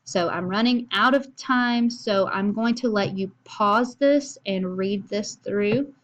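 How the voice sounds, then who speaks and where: A woman's voice: mid-range voice, slow pace, dull audio. Woman teacher explaining casually. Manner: casual and explanatory, with frequent fillers. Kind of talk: recorded video lesson.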